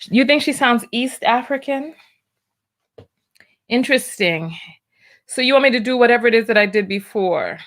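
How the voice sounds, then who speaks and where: A woman hosting a reaction video, flustered and stammering as she pauses and sorts out her audio. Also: fairly high pitch, lively intonation, a bit bright. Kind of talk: casual reaction commentary.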